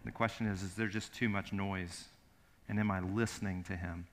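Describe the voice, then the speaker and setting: A man's voice: deep voice, steady tone, moderate pace, a little hiss or hum. A middle-aged man preaching a sermon as pastor, telling a story earnestly and emphatically, often repeating his words.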